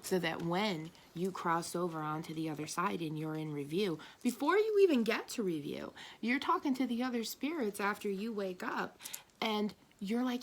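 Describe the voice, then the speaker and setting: A woman's voice: mid-range voice, expressive, moderate pace, a little hiss or hum. A woman doing a tarot and spirit reading for an audience, talking bluntly and with emphasis, swearing now and then. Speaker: tarot reader.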